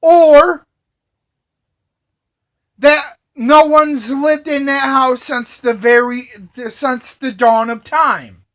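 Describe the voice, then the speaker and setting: Brief: high-pitched man, slow delivery, indignant repetitive rant straight to camera. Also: steady tone, a bit bright. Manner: repetitive, indignant, repeats phrases again and again. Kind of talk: angry ranting monologue.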